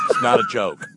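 A man hosting a talk show, breaking in casually with hesitant, filler-heavy remarks. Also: heavy background noise. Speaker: radio talk show host. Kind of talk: casual chat.

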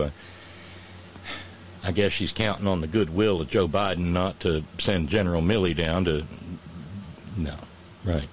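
A man delivers a satirical political monologue in a sardonic, mocking tone. His voice is highly animated, rising and falling freely. He leans on drawn-out pauses and dry asides. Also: a little hiss or hum. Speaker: comedic commentator.

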